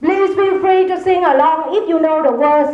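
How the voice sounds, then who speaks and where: A woman from Vietnam, speaking with a Vietnamese accent, performs stand-up on a comedy club stage in a high voice, landing punchlines slowly and deliberately. The lo-fi recording is echoey, with a crowd audible in the background.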